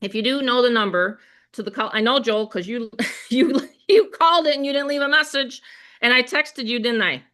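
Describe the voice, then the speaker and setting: A middle-aged woman with a Western New York accent, hosting a live webinar in an energetic, chatty way and talking straight to her audience. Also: fairly high pitch, moderate pace. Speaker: webinar host. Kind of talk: live sales webinar chat.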